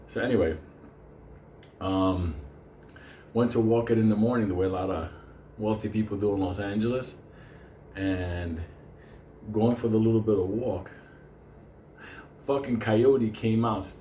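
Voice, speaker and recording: A man spins a rambling, profanity-laced story, laughing as he goes. His voice sits on the low side, and the echoey room around him carries a faint hum of ambience. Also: darkish tone. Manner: digressive, swears constantly, laughs through his story. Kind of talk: casual profane anecdote.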